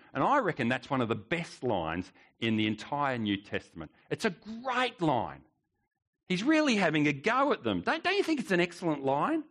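A man's voice: fairly high pitch, a bit bright. A male pastor preaching a sermon, emphatic, with rhetorical questions and repeated words.

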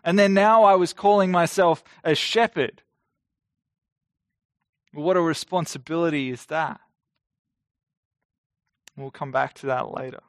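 A man in his forties preaching a sermon, measured and emphatic, slowing down to stress key phrases. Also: a little high, dry recording, clean studio sound.

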